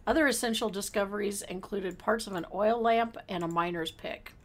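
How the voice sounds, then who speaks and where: Woman, mid-pitched voice, podcast co-host, reads aloud, playful teasing asides. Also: moderate pace. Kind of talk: casual chat and reading aloud.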